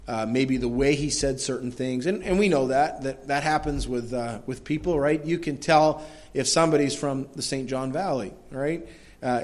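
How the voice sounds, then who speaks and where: A male pastor giving a sermon in a church, talking conversationally with frequent restarts and tag questions, and moving between quiet asides and raised, emphatic passages. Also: medium pitch.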